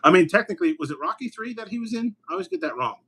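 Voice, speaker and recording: A man co-hosting a podcast, talking in quick, joking, sarcastic tangents. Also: high-pitched, wildly swooping pitch, creaky, a bit bright, breathy edge. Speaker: podcast co-host. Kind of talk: casual chat.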